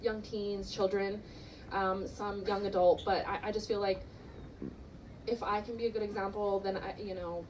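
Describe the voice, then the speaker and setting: A woman's voice: mid-range voice, flat delivery, moderate pace, darkish tone, recorded from a distance, slight background noise, poor audio. Hesitant woman asking a question from afar. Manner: hesitant, many fillers. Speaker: audience member asking a question. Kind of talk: live audience question.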